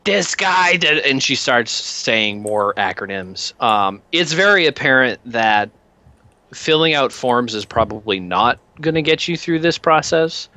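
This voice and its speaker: A man's voice: lowish voice, sharp tone, clean tone, dry recording. A man narrating a tabletop game as game master, in a casual way with plenty of um and uh. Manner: casual narration with many fillers.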